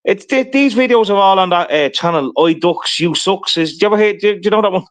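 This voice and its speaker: Rambling, cursing man, slightly high voice. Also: quick pace. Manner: rambling, profane storytelling with constant "right?". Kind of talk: casual chat.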